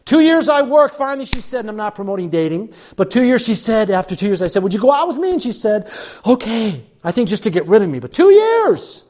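Older preacher man, lively high voice. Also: quick pace, hardly any pauses. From Chicago, USA. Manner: animated, dramatic, jokey and self-mocking. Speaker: pastor. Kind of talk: storytelling sermon.

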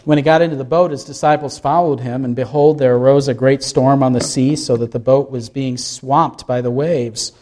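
Delivering a sermon, a male pastor reads scripture aloud and puts questions to the congregation as he explains the passage. His voice is medium in pitch and dark in tone, with fairly even intonation, normal speed and few pauses.

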